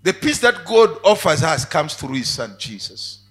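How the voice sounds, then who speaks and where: A male preacher giving a sermon, dropping to quiet asides and then rising to loud, emphatic cries. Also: fairly high pitch, big pitch swings, a little slow, husky.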